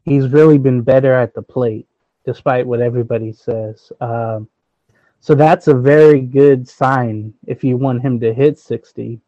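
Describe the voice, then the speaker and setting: A man's voice: medium pitch, steady tone, a little slow, warm tone, no echo, highs cut off. A man co-hosting a casual baseball podcast who talks hesitantly, thinking aloud with many fillers. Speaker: sports podcast co-host.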